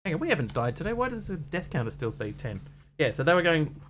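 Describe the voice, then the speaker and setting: A man's voice: a little high, very animated, fast, a little hiss or hum. A man who grew up in Australia, speaking with an Australian accent, chatting casually on a live game stream, reading chat and trivia with playful puns.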